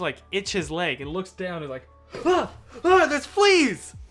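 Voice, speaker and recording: A live streamer in a casual, unhurried story mode, talking at a slow pace with a mid-range voice. The delivery rambles and keeps circling back to fix details. Faint guitar music plays underneath. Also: medium pitch, fairly bright tone. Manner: rambling, self-correcting, chatty with viewers.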